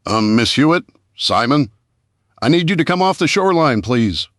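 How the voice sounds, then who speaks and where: A man's voice: medium pitch, big pitch swings, a bit bright, no echo, clean studio sound, pitched above the performer's own voice. A man voicing a firm park law-enforcement officer in an audiobook. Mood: urgent. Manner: firm, hurried. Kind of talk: audiobook character voice.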